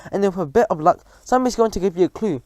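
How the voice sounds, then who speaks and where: A man reading a storybook aloud, voicing a calm, determined old grandmother who speaks firmly and properly. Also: sits high, rapid-fire, dry recording, pitched above the performer's own voice.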